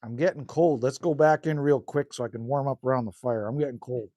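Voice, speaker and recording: Speaking a little fast in a mellow, mid-range voice, a man casually live streams from outdoors by a cabin in the cold. He reads out viewer comments and responds in a laid-back, rambling fashion, with no echo in the audio.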